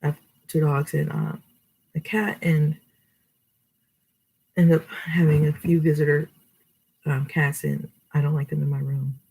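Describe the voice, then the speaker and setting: Husky, gravelly-voiced woman vlogging casually. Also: deep voice, little pitch movement, unhurried, long pauses, warm tone, rough recording. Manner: chatty, rambling, laughs at herself. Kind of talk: casual advice vlog. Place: her bedroom at home.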